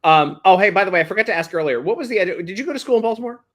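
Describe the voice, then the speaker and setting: A man hosting a political talk show, quick and jokey in a casual, irreverent way. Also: high voice, lively intonation, a bit bright. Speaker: podcast host.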